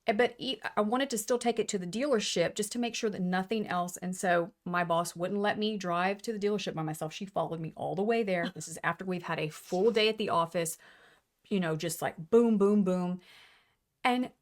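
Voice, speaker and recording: Emotional woman podcast co-host. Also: mid-range voice. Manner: emotional, animated storytelling. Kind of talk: casual chat.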